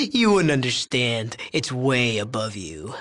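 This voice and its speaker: In game dialogue, an actor voices an arrogant, crude young male drug chemist who boasts and mocks with a sneer and plenty of profanity. It's a full character voice: medium pitch, huge pitch swings, slow delivery, pushed and bright.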